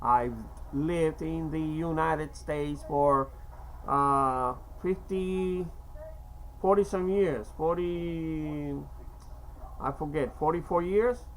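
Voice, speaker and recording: A man's voice: on the high side, a little hiss or hum, rough recording. Rambling older man, faint Cuban accent. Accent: slight Cuban Spanish accent. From Cuba. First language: Spanish. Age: 50s. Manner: halting, many fillers and restarts. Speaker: vlogger. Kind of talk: rambling casual monologue.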